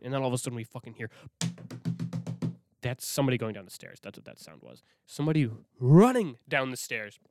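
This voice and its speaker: A young man from Minnesota telling a spooky childhood story in a casual, animated way, swearing often and dropping to a whisper when he quotes himself. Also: medium pitch, slight background noise. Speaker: host.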